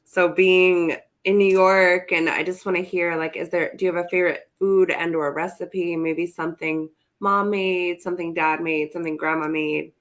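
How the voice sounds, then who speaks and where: A man's voice: high-pitched, flat delivery, a bit bright. A man hosting a casual interview, laughing along with his guest and asking friendly questions. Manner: encouraging, laughs along, quick affirmations. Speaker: podcast host.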